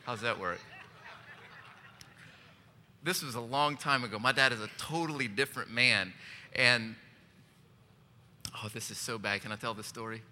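In a church with long hall reverb and faint background noise, a male pastor gives a sermon at a moderate pace, often pausing, his medium-pitched voice pushed and bright. He mixes jokes, a personal story and questions for the congregation.

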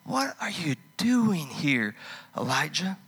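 Man doing God asking questions, slow, patient, hushed to whispers, bright tone. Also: a little high, big pitch swings, breathy edge, exaggerated voice. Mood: searching.

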